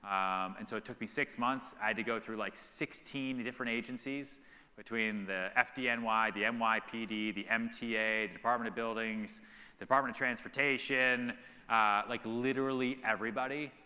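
A man speaking as a guest at a live Q&A, telling stories in an animated, rambling way full of "like". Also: medium pitch, moderate pace. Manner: animated, rambling, heavy use of "like". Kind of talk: live Q&A storytelling. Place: large event hall on stage. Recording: reverberant event hall.

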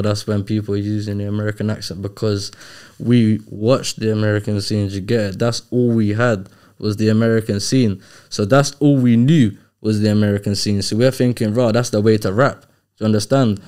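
A man talks bluntly in a casual interview, tossing in street slang at every turn. His voice sits low and mellow. The tone comes through smooth and clean. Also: fairly even intonation, moderate pace. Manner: blunt, street slang, says "bro" and "innit" a lot. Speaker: guest rapper.

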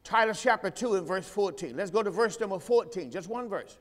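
Preacher, man, high voice, call-and-response sermon, church hall reverb. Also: animated, brisk, a bit bright. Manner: rises in pitch and volume when stressing a point. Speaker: pastor; host. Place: church sanctuary.

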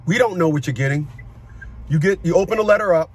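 A middle-aged man who coaches people on child support, talking forcefully on a call, cursing and repeating words as he starts sentences. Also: on the high side, fast talker, husky. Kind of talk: phone consultation with a caller.

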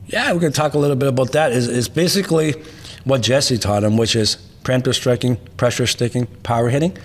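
A man with a mid-range voice talks through martial arts stories in an interview. He speaks emphatically and casually, stacking repeated lines and checking in with a quick "right?" now and then. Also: mid-range voice. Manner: emphatic, tags points with "right?"; repetitive rhetorical lists. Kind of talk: interview storytelling.

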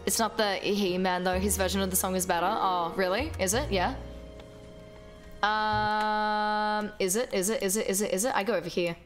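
A woman's voice: medium pitch, fairly even intonation, normal speed. A woman streaming a game live, chatting casually, swearing freely and singing along in bursts. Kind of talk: casual livestream chat while gaming. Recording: music playing under the voice.

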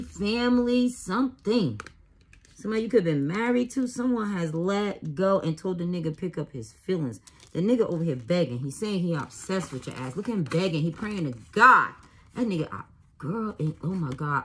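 Husky aave woman reading tarot, cussing a lot, loud exclaims, close mic. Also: medium pitch. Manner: profane, laughs often, exclaims loudly. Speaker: tarot reader.

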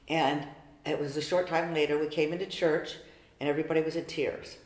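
A woman's voice: deep voice, steady tone, a little fast, darkish tone. Older woman, chatty, heartfelt storytelling, echoey church. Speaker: parishioner. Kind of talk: personal storytelling interview. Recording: roomy church echo.

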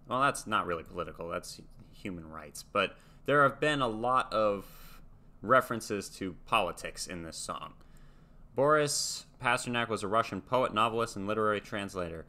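Hombre joven de voz grave y brillante. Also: male voice, on the low side, pushed and bright. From United States. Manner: reads facts aloud, muses and trails off. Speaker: reaction video host. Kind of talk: casual commentary reading aloud.

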